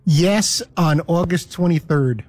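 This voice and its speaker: A man's voice: a little high, a little mellow, faint music behind. A man on a sports talk show crew, talking playfully with the host and the others. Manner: fast and playful. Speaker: show regular. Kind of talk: casual studio banter.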